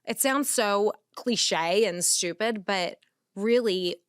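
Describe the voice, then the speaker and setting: A woman hosting a wedding podcast, chatting casually and chiming in often with quick agreement. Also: mid-range voice, smooth, dry recording, clean studio sound. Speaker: podcast host. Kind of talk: casual chat.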